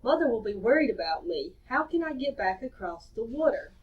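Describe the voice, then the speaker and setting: A small young hare, a boy who is eager to play but timid about danger, as a woman reads him aloud. His voice sits high. The sound is dull and taken from a distance. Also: big pitch swings, fairly quick.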